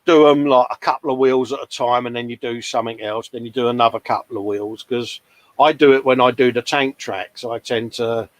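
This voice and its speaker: A man, hosting a casual model-building live show in a chatty, jokey way, often calling people mate. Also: mid-range voice. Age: 40s. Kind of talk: casual chat. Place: hobby workbench.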